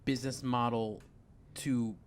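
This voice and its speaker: Relaxed man recapping shared history. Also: mid-range voice, measured pace. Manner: relaxed, recaps and backs up the host's story. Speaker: guest, host's husband. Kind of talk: casual podcast chat. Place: sewing studio.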